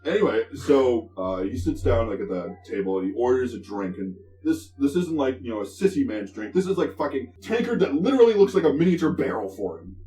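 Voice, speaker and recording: Laid-back game master, distant and echoey. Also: male voice, medium pitch, very animated, fairly quick, few pauses, warm tone. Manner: casual, profane, rambling with many fillers. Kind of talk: narrating a tabletop game. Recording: distant, echoey room mic.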